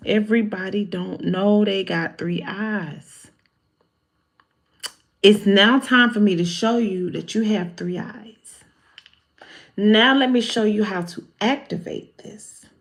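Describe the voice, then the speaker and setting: A woman giving a live-stream spiritual talk as a card reader, animated, humorous and preachy, with a folksy way of talking. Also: mid-range voice.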